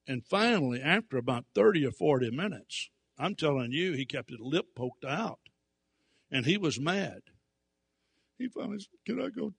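A man preaching through a story, animated and ringing with a bright, forceful edge to his voice. He swings from hushed asides to loud, emphatic bursts, and the sound is close and dry with no room around it. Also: mid-range voice, normal speed, creaky, breathy edge, no room sound. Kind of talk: storytelling sermon.

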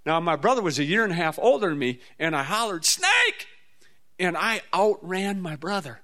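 Preacher, male, from the Midwest, a touch higher voice than most, folksy storyteller who leaps up in pitch for effect. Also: a little fast. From Midwestern US, near the Mississippi River. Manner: folksy, animated storytelling with sudden high-pitched bursts. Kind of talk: storytelling sermon.

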